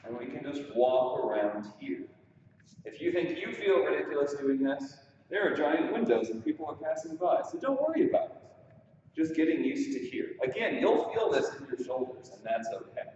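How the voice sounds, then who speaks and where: Guy teaching waltz drills, counts one two three, lively voice, big echoey room far off the mic. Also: on the high side, moderate pace, highs cut off, a little hiss or hum. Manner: counting beats aloud while dancing, encouraging. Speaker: dance instructor. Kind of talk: follow-along dance drill instruction. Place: studio with large windows.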